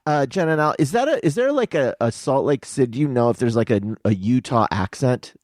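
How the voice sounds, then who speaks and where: A man co-hosting a podcast in casual chat, playful and halting. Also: medium pitch, lively intonation, darkish tone, no room sound, clean studio sound.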